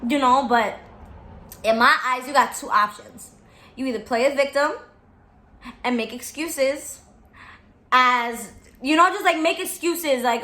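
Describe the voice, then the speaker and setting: A woman in her twenties talks straight to camera in a high, bright voice. She is blunt and swears freely, and she comes back again and again to emphatic reassurances. The sound is roomy, with a faint hiss underneath. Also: measured pace, pauses often. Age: 20s. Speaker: vlogger. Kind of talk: candid talk to camera.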